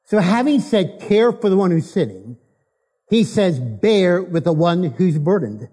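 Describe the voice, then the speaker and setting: A man's voice: sits high, very animated, unhurried, warm tone, husky. A man preaching a sermon as a guest speaker, working homely anecdotes into the scripture and returning again and again to a repeated refrain. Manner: preaches with anecdotes and emphatic repetition.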